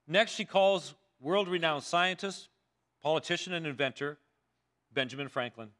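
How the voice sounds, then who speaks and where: A man's voice: on the high side, moderate pace, fairly bright tone. A male pastor preaching a sermon told as a dramatic courtroom story, voicing the characters himself. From Canada. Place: church sanctuary.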